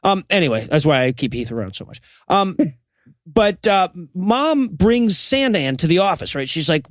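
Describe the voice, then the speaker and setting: Man, podcast co-host, scene-by-scene recap with mock quotes, animated high voice, dry sound. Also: normal speed, no room sound. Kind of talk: comedic movie recap. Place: podcast recording.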